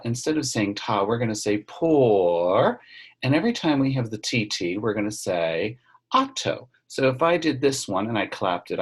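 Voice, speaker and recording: Husky man teaching kids a rhythm lesson. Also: mid-range voice. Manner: gentle, patient, speaks slowly to children. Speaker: elementary music teacher. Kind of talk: online music lesson with read-aloud. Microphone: computer mic on a video call.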